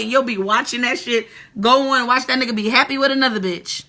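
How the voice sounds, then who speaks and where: A woman and mother of two hosting a show, giving blunt, profane relationship advice in an animated, lecturing way. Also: fairly high pitch, a little fast.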